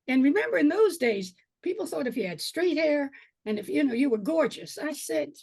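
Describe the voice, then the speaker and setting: An older woman telling lively stories as an alumna panelist on a video call. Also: high-pitched, brisk, no echo. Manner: lively, animated storyteller.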